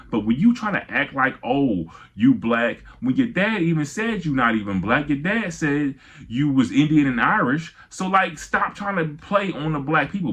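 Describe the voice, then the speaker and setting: A man's voice: medium pitch, fairly bright tone, slightly rough. A middle-aged man, giving casual, emphatic political commentary with frequent restarts.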